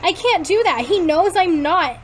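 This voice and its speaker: A woman's voice: extremely high pitch, expressive, moderate pace, a little hiss or hum, pitched above the performer's own voice. A woman reading the lines of a tearful, defensive young actress from a fan story. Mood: upset.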